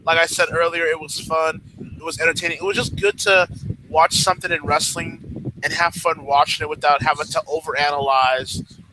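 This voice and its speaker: A young man hosting a casual livestream, talking bluntly with lots of swearing. He rants hard and gets excited when talking about things he likes. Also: a little high, moderate pace, slight background noise, rough recording. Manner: blunt, profane, ranting; excitable fan enthusiasm. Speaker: livestream host.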